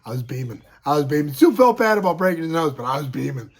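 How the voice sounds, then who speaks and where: A man's voice: a little high, sing-song, fast. A man in his thirties with a scratchy throat, casually telling fight stories to camera and punctuating them with sound effects. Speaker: show host and pro fighter.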